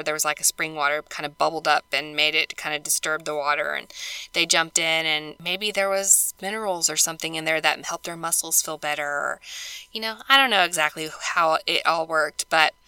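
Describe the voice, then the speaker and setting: Bright, crisp-voiced woman podcast host. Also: on the low side, no room sound. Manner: chatty, earnest, many "you know" and "like" fillers. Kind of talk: casual scripture study talk.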